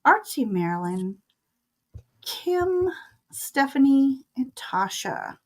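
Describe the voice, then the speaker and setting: Slow, chatty older woman hosting a stream. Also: high-pitched, big pitch swings. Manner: chatty, laughs often, slow and unhurried. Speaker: tarot reader hosting a live stream. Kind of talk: casual live-stream chat.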